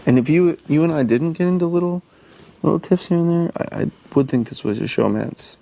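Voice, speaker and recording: A man's voice: fairly high pitch, fairly quick, vocal fry, mellow, a little hiss or hum. A young man talking earnestly and reassuringly to his partner, often restarting his sentences. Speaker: reality show houseguest. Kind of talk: intimate casual talk.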